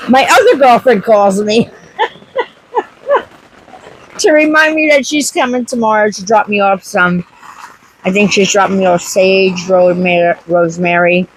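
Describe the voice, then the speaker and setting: A woman's voice: medium pitch, poor audio. A woman homestead vlogger chatting casually to camera, telling a story with acted-out quotes.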